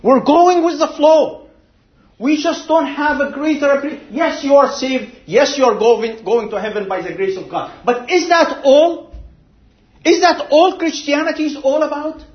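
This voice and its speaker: A man preaching a sermon, slow and deliberate, telling a story and then pressing his point with emphatic swells. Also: extremely high pitch, reverberant, muffled recording.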